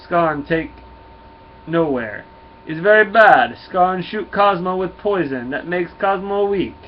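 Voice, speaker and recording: A man voicing a proud, gentle telepathic space dog from a comic, with a put-on Russian accent and broken English. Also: high-pitched, animated, slow, voice pushed up. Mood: urgent. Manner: broken English, talks of himself by name. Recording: dull lo-fi with faint hum.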